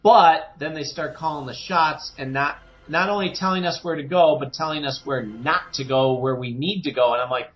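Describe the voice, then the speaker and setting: A man's voice: a little high, normal speed, hardly any pauses, dull audio. A man co-hosting a casual podcast, talking with energy and acting out quoted people in exaggerated voices. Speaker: podcast co-host. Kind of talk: casual chat.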